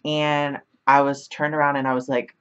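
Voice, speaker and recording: A woman's voice: extremely low pitch, little pitch movement, moderate pace, fairly bright tone, clear, resonant tone, lo-fi sound. A young woman vlogger telling a casual storytime, chatty, filling her talk with 'like' and laughing often.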